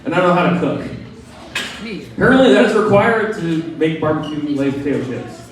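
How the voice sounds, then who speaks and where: A man's voice: fairly high pitch, lively intonation, a little fast, far from the mic. A man doing a stand-up comedy set with easygoing, self-deprecating jokes. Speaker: stand-up comic. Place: small comedy club stage. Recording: echoey room miked from afar.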